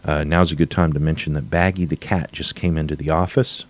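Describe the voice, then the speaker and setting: A man's voice: rumbling low, fairly even intonation, a little fast. A man hosting a solo podcast from his home office, rambling and restarting, getting wound up as he rants. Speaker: podcast host.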